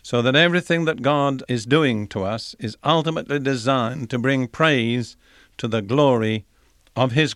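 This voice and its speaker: A man giving a recorded Bible teaching in an earnest, measured way, reading scripture passages aloud between his own remarks. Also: medium pitch, a bit bright, dry recording, clean studio sound.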